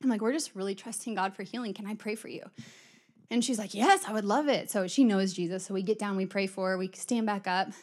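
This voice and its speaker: A woman's voice: mid-range voice, fast talker, darkish tone. A middle-aged woman giving a conversational sermon, chatty and storytelling, acting out quoted exchanges. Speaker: church speaker.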